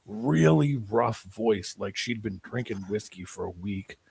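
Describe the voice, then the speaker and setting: A man's voice: fairly low pitch, measured pace, gravelly, slightly rough, dry recording. A man on a live panel call, telling a story with lots of laughter and voiced asides. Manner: animated storyteller, laughs a lot, mimics voices. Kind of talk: casual panel chat.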